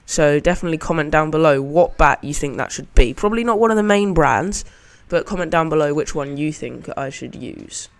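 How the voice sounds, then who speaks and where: A man's voice: a little high, lively intonation, brisk, vocal fry, hardly any pauses. A man giving casual, chatty commentary over his own gameplay as a channel host, narrating each shot as he plays it.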